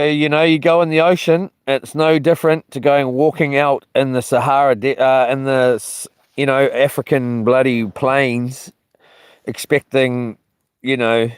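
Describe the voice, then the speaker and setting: Slow, rambling camping vlogger, a man. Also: mid-range voice, smooth, no echo, clean studio sound. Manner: meandering, loses his thread, mild cursing. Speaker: solo camping vlogger reading live chat. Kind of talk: casual rambling live chat.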